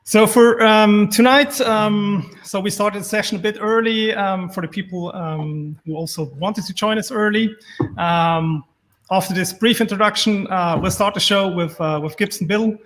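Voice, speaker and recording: A man hosting a remote event, introducing the speaker with many pauses and fillers. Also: high-pitched, steady tone, a bit bright. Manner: hesitant, many ums and uhs. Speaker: event host.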